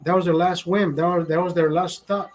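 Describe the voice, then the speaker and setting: A man's voice: sits high, steady tone, fairly quick. A man talking to his stream in a rambling, emotional monologue, swearing often and talking to himself. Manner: rambling, heavy swearing, self-talk.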